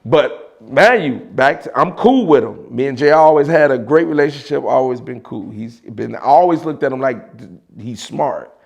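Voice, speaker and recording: A man with a Chicago accent telling a story in a casual, animated way, with slang and loose restarts. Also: mid-range voice, normal speed, gravelly, hardly any pauses. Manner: animated, mimics voices of others in quotes, frequent laughs and slang.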